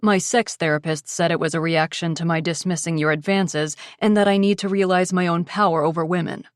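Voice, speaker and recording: A woman's voice: lowish voice, steady tone, brisk, no room sound, studio quality, close to an everyday voice. A woman voicing a cocky, sleazy male sports reporter in an audiobook. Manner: cocky, dismissive.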